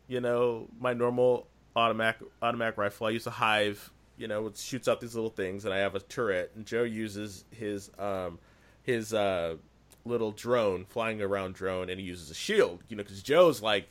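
A man retells a video game session in loose, casual podcast talk. He rambles and grows excitable, often restarting his sentences as he goes. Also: lowish voice, moderate pace.

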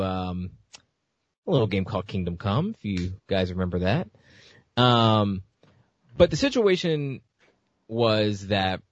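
A man's voice: fairly low pitch, no room sound, dull audio. A man hosting a casual gaming news podcast, rambling with lots of fillers and restarts. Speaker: podcast host.

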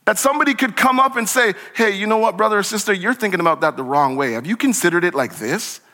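Male pastor, high bright voice, lively conversational sermon delivery, long church-hall reverb. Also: quick pace. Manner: animated, conversational preaching with acted-out dialogue. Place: church sanctuary.

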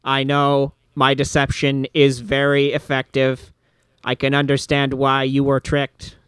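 A man doing a stiff, polite automaton gentleman. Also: medium pitch, monotone, unhurried, clean tone, no echo, close to an everyday voice. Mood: formal. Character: prim male automaton gentleman in a top hat.

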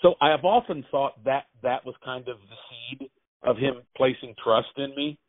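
A man, an actor and writer, telling animated anecdotes in a casual interview. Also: medium pitch, moderate pace, no echo. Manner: animated anecdotes, acts out quotes. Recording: tinny phone-like line, dry.

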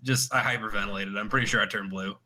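A man's voice: lowish voice, steady tone, fast talker, pushed and bright. A man co-hosting a casual podcast chat, rambling through stories with lots of laughter and acted-out quotes. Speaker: podcast co-host.

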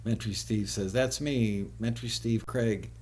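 A man hosting a live web show, chatting casually with viewers, often laughing and spelling things out slowly. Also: fairly low pitch, steady tone, darkish tone.

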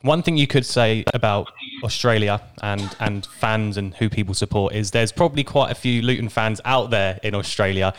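A man's voice: lowish voice, moderate pace, clean tone. A man hosting a podcast interview in a friendly, easygoing way, with a fair number of fillers. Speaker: podcast host.

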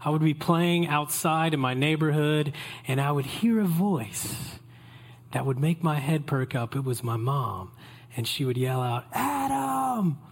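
A man preaching a Christmas Eve sermon as pastor, in a relaxed, conversational way that invites the congregation in. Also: a little high, unhurried.

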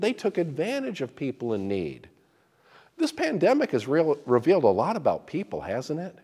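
A man's voice: on the high side, dark tone, husky, long reverb tail. A man preaching a sermon as pastor, emphatic and often repeating words as he restarts.

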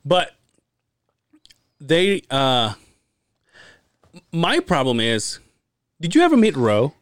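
A man co-hosting a podcast, telling stories in an animated, profane way and laughing often. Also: fairly high pitch, slow, no echo, clean studio sound. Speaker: podcast co-host. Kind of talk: casual storytelling chat.

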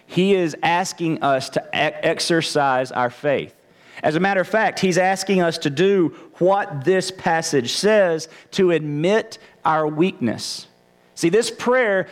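A man's voice: fairly high pitch, expressive, takes it slowly. A male pastor preaching a conversational sermon, often stammering and restarting his phrases. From Texas, United States.

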